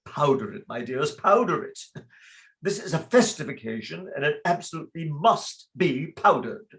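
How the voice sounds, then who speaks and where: A fussy older father of the bride, blustering and mock-solemn, read by a man in a play reading. He sits a touch high in pitch and fusses over everyone. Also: sing-song, normal speed, a bit bright. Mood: fussing.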